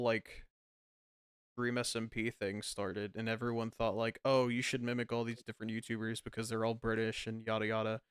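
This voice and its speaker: Laughing, animated young man chatting. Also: lowish voice, clean tone, dry recording, studio quality. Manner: animated storytelling, laughs often. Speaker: podcast co-host. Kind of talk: casual chat.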